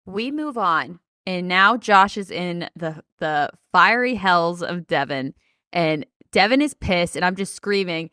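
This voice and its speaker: A woman co-hosting a comedy podcast, chatting casually in a blunt, excitable and profane way. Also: on the low side, unhurried, no room sound, clean studio sound. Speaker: podcast co-host.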